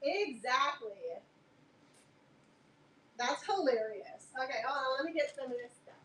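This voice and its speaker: High-voiced woman selling fabric live. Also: animated, measured pace, sharp tone, a little hiss or hum. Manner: chatty and joking, laughs often, talks aside to her dog. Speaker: fabric seller on a live auction stream. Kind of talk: casual live-stream selling.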